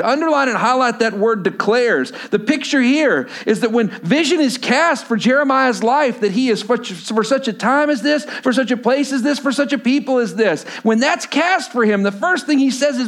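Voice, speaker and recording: A man's voice: very high voice, lively intonation, moderate pace, few pauses, a bit bright. A man preaching a sermon to his congregation, talking conversationally and asking them questions. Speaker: pastor.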